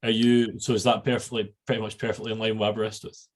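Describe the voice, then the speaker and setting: A man's voice: on the low side, flat delivery, fast. A Scottish man hosting a podcast, chatty and laughing easily as he asks questions and tells stories. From Scotland. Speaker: podcast host. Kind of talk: casual interview chat.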